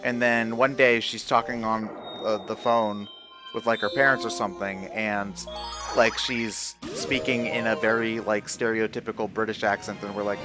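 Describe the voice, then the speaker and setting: A man's voice: fairly low pitch, flat delivery, normal speed. A man chatting casually and rambling through stories while playing a game live, often restarting his sentences. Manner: rambling, self-deprecating, chatty with many restarts. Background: game music.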